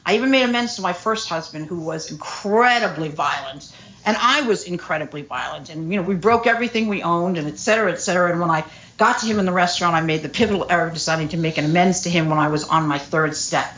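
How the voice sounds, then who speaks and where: Low-voiced woman telling her recovery story. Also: fast talker, fairly bright tone, dull audio. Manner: candid storytelling, frequent fillers. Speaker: AA speaker. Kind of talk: recovery meeting share. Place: meeting room.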